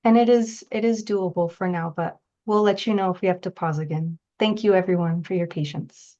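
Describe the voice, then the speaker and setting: A woman's voice: on the low side, a little fast, mellow, muffled recording. A woman facilitating a public meeting, polite and apologetic as she steps in.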